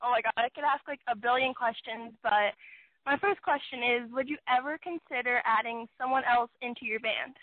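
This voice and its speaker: A woman calling in as an excited fan, gushing and flustered, apologizing and saying oh my God again and again. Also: fairly high pitch, moderate pace, no room sound. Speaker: caller. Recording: tinny phone line.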